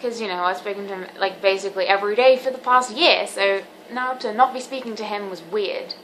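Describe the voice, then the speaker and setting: A seventeen-year-old woman talking candidly to camera in a personal vlog, earnest and halting with frequent ums. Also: mid-range voice, a bit bright, slight background noise, low-quality recording. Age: teens. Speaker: vlogger.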